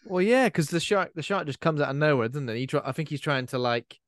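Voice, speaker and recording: A man's voice: a little high, lively intonation, quick pace, no room sound. Chatty man, close dry sound. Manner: chatty, checks facts with his co-host. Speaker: podcast co-host. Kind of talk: casual film recap chat.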